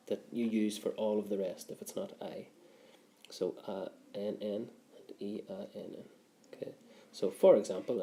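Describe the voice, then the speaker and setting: Gravelly male teacher. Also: on the low side, warm tone, slight background noise. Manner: patient, explains step by step, says okay often. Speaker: Irish language teacher. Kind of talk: classroom grammar lesson.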